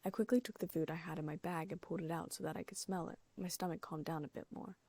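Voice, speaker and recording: Low, gravelly woman reading an audiobook. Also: steady tone, fast talker, no echo. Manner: reads character lines with small shifts in pitch and loudness. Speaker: audiobook narrator. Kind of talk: first-person fan fiction audiobook reading.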